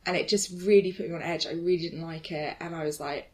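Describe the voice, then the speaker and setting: Animated woman telling a story. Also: fairly low pitch, quick pace. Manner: animated storyteller who acts out quoted voices. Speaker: podcast co-host. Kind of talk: casual chat.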